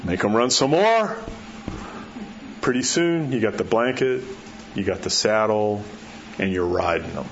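A man preaching a sermon in a folksy, storytelling way, dropping to a soft hush at key words. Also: fairly low pitch, expressive, a little slow, long pauses, highs cut off, slight background noise. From New Mexico.

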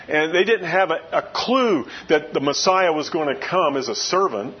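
A man delivers a sermon as a casual retelling, full of asides to his listeners. His voice sits high for a man and is husky. The recording is muffled and lo-fi. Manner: conversational storytelling with many "you know" asides. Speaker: pastor.

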